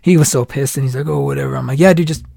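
A man's voice: mid-range voice, very fast, creaky, dry recording, studio quality. A man in his thirties telling stories in casual chat, acting out the people he quotes. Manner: animated storyteller, acts out quoted lines. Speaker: guest.

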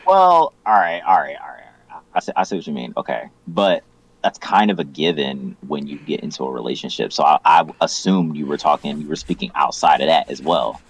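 A man's voice: very deep voice, a little fast, no echo, low-quality recording. A young man co-hosting a podcast, bantering casually in slang with the odd formal phrase dropped in. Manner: relaxed slang banter, now and then oddly formal wording. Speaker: podcast co-host. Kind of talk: casual chat.

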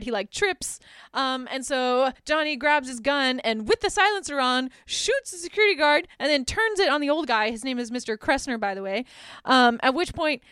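A young woman casually recapping a film's plot, animated and profane, with lots of filler words. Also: high voice, clear, resonant tone, no room sound, studio quality. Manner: animated, swearing, many "like"s and "um"s; acts out characters' lines in quick voices. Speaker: podcast host.

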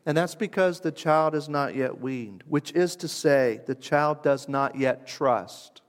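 A man's voice: fairly high pitch, a little slow. Reflective male preacher in a reverberant hall. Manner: conversational, reflective, with wide shifts from hushed to emphatic. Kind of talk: sermon.

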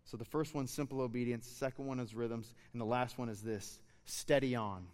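A man in his thirties giving a sermon as a pastor, relaxed and storytelling, then rising to fervent exhortation. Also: mid-range voice, a little fast, long reverb tail. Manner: conversational, building to fervent exhortation.

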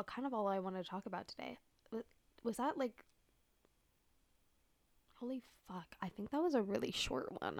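Rambling through a solo podcast with plenty of fillers and free swearing, this young host has a medium-pitched voice with vocal fry and no room sound. At times she sinks into soft whispers right up against the mic.

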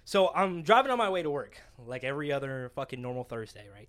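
Excitable high-voiced young man. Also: fast. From New Jersey. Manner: swears a lot, animated and excitable storyteller. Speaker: podcast co-host. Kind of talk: casual storytelling chat.

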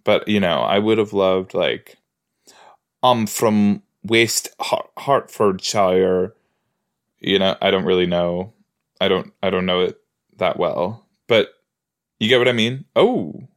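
Rambling, playful man with a lowish voice. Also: normal speed. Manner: rambling, playful, chatty asides. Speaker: podcast host reacting to a TV episode. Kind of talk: casual watch-along commentary.

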